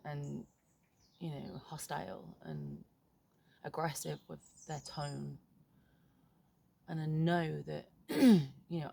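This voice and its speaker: A middle-aged woman talking frankly in a reflective vlog, halting and swearing casually, recorded outdoors in a garden. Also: sits low, gravelly, a little mellow. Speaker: vlogger.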